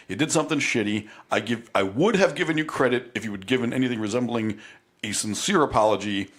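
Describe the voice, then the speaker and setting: A man co-hosting a casual podcast in a studio, talking bluntly and profanely, and mocking others with impressions. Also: medium pitch. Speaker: podcast co-host.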